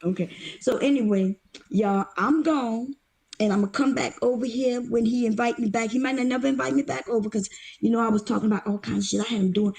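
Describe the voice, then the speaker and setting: A woman's voice: on the high side, steady tone, fairly quick, creaky, a little mellow, slightly rough. A woman guest on a livestream, talking brashly and teasingly with lots of cursing, a bit out of breath. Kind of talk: casual livestream chat.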